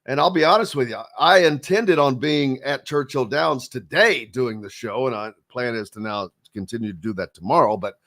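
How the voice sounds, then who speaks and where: A man's voice: mid-range voice, moderate pace, hardly any pauses, a bit bright. A man hosting a sports radio show, speaking in a rambling casual way with lots of fillers and restarts.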